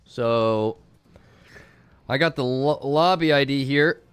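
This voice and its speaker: A man's voice: mid-range voice, slow pace, clean tone, no echo. A man hosting a game tournament on a live stream. He talks casually to his chat, rambling with fillers and restarts.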